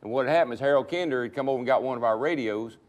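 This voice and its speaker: A man's voice: medium pitch, a little hiss or hum. An older man, a retired stock car driver, telling racing stories casually and laughing through them. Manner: fast-talking, laughing through anecdotes. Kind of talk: casual storytelling.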